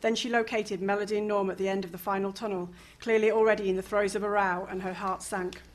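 Woman, novel read aloud, lively storytelling, casual asides, chuckles. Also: medium pitch, fast talker. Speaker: reader.

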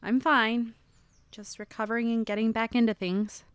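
A woman's voice: fairly high pitch, flat delivery, normal speed, clean tone, no room sound, lightly acted. A woman playing a character who politely brushes off concern, saying she is fine.

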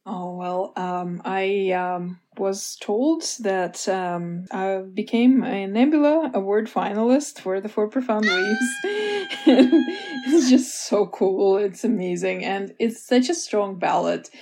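A woman's voice: mid-range voice, expressive, slow, darkish tone. A woman author talking as a guest in a casual interview, rambling a little and laughing often.

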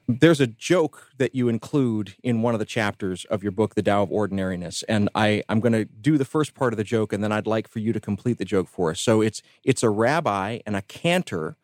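Low-voiced male radio host. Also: animated, a little fast, hardly any pauses, darkish tone, dry recording, studio quality. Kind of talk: radio interview hosting.

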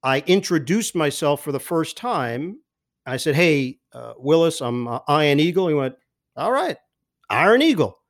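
A man who works as a sports broadcaster, telling lively anecdotes as a podcast guest and mimicking the people in them. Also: fairly high pitch, moderate pace. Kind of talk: animated storytelling in a podcast interview.

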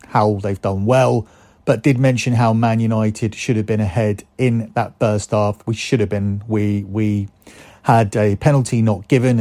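A man's voice: fairly low pitch, dark tone, dry recording. Plain-voiced male sports betting podcaster. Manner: fluent, analytical, rattles off odds and stats. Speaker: podcast host. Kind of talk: sports betting preview with ad reads.

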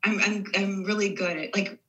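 A woman's voice: mid-range voice, steady tone, moderate pace, fairly bright tone, highs cut off. A woman in her forties, an actress guest on a podcast, talking casually with many fillers and restarts.

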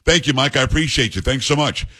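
A man's voice: mid-range voice, sharp tone. A man hosting a talk radio call-in show, blunt and opinionated, speaking into a studio microphone. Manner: blunt, opinionated, rapid asides.

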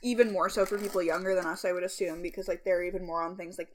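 A woman's voice: lowish voice, fairly even intonation, fast talker. A woman in her twenties co-hosting a podcast, chatting casually with many "like"s and laughs. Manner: chatty, heavy use of "like", frequent laughs. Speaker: podcast co-host. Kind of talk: casual chat.

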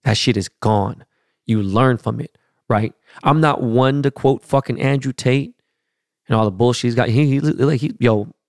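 A middle-aged man hosting a podcast, talking bluntly and profanely in a casual monologue that swings between loud and soft. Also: medium pitch, vocal fry, no room sound, clean studio sound. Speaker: podcast host.

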